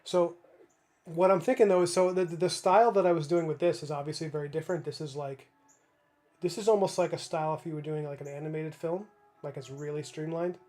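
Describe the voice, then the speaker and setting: A man in his thirties, a comic artist, livestreams from his home studio while painting, with soft music in the background. His slightly high, steady voice moves fairly quickly and sounds a little mellow as he rambles, thinks aloud with many restarts and fillers, and answers viewers' chat.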